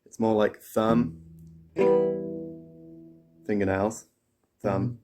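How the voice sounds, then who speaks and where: A man's voice: on the low side, flat delivery, very slow. A man teaching a guitar lesson, explaining a picking pattern step by step in a casual way. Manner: explains step by step, counts and sings pattern syllables while playing. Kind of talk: casual instructional talk. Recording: loud guitar playing over the voice. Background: acoustic guitar playing.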